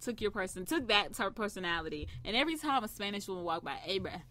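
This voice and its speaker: A woman co-hosting a podcast in casual chat, giggly and animated, telling stories with little impressions. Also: mid-range voice, fast talker. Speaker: podcast co-host.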